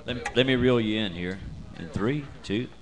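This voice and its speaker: Man, bar emcee, low voice, rambling joking banter, stage mic. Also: moderate pace. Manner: rambling, self-mocking, chuckles between lines. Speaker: emcee at a live music night.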